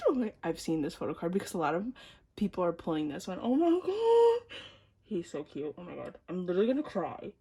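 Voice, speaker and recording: A woman chatting casually to camera while unboxing, excitable and prone to gasps and squeals, then dropping into quiet mumbles. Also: on the low side, quick pace, vocal fry, husky. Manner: drops to quiet mumbles between outbursts. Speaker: vlogger unboxing albums.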